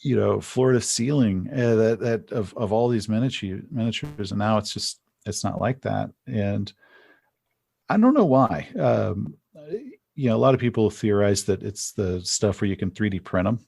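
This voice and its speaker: A man's voice: fairly low pitch, normal speed, vocal fry, darkish tone, breathy edge. A man talking as a podcast guest in casual conversation, rambling and chatty, restarting his sentences as he tells stories.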